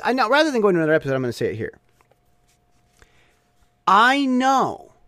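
A young man talks through his views in a casual monologue, his voice a touch high and swinging widely in pitch. He often trips over his words and restarts mid-sentence. The sound is close and dry, with no room around it. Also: a bit bright, no room sound. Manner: opinionated, stumbling restarts.

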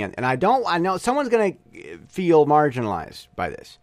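A man's voice: on the high side, huge pitch swings, normal speed, hardly any pauses, dry recording. A man with a Michigan accent, a podcast host giving an opinionated, rambling monologue with many restarts. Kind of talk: casual monologue.

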